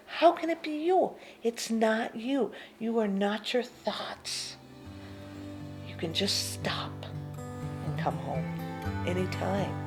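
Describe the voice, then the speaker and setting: Gentle, expressive woman teaching meditation. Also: on the high side. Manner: gentle, unhurried, often sinking to a hushed near-whisper. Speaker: spiritual teacher. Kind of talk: reflective spiritual teaching talk.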